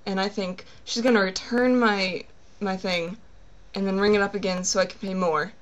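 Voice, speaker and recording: A woman's voice: medium pitch, fairly even intonation, moderate pace. A young woman hosting a casual vlog, telling a story in a rambling way full of fillers. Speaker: vlog co-host.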